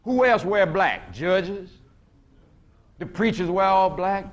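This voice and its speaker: High-voiced man lecturing with a preacher's call-and-response. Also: slow, lo-fi sound. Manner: preacherly, asks the audience questions and answers them himself; retells film scenes with quoted voices, stretching words for emphasis. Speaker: guest lecturer. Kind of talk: lecture to a live audience. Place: lecture hall at a conference.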